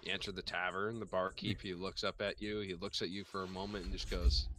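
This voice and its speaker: A man's voice: low voice, little pitch movement, a little fast, background noise. A man narrating a tabletop game as game master, hesitant, with many fillers and frequent laughter.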